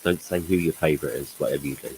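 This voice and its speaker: A man joining a casual livestream chat, answering in a low-key way and chuckling often. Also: rapid-fire, noisy background. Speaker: guest on livestream.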